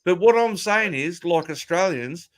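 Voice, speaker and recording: Bloke cursing his way through a story, voice on the higher side. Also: a little slow. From Britain. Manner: swears freely, animated storytelling. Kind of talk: casual chat.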